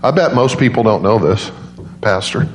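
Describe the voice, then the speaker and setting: A man preaching a sermon as a guest speaker, telling stories in an animated way and leaping into high voices for quoted people. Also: moderate pace, slight background noise. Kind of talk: storytelling sermon. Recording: roomy church echo.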